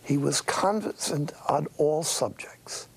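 A man's voice: on the high side, slow pace, creaky, husky, low-quality recording. An older man, a priest, giving a sermon-like talk with folksy, wry storytelling.

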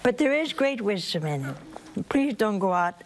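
A woman with a sore throat telling a religious story to an audience in a plain, gentle way with dry humor. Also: medium pitch, very animated, moderate pace, a little hiss or hum.

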